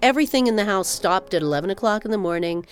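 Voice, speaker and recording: A woman telling a personal story in a wry, animated way. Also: mid-range voice, rapid-fire. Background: music.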